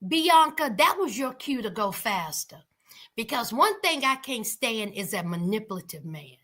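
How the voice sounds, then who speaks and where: A sassy woman talks straight to her viewers, calling them honey as she reacts to a reality show. Her voice sits high and bright, swinging up and down with lively energy. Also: a little slow. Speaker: reality TV commentator. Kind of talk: reaction commentary.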